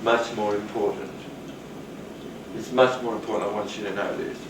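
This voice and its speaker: A man giving a rambling, animated talk on rapport, now and then acting out the voices of people he quotes. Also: fairly low pitch, moderate pace. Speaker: teacher. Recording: roomy, distant, noisy.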